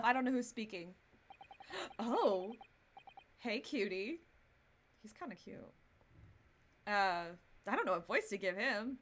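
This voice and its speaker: A woman's voice: mid-range voice, expressive, a little slow, long pauses, fairly bright tone, soft background music. A woman streamer giving casual, chatty commentary while playing a game, giggly and self-deprecating.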